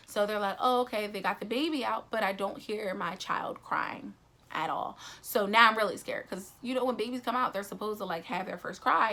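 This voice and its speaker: A young woman vlogger telling her personal story casually, acting out quotes with lots of fillers. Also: mid-range voice. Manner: animated, acts out quotes, many fillers.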